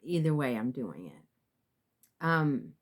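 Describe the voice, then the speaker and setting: Slow, low-voiced woman talking haltingly. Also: very animated. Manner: halting, many fillers and restarts. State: emotional, near tears. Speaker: tarot reader. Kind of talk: casual talk to camera.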